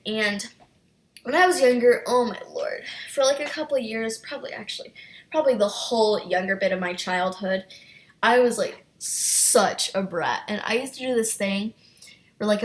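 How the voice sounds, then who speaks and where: Animated young woman telling a storytime. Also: on the high side. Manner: animated, self-mocking, laughs often. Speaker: YouTuber. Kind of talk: casual storytime.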